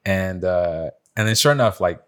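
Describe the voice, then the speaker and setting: A man's voice: low-pitched, lively intonation, normal speed. A young man casually telling a story on a podcast, rambling with lots of fillers and swearing. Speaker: podcast host. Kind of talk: casual chat.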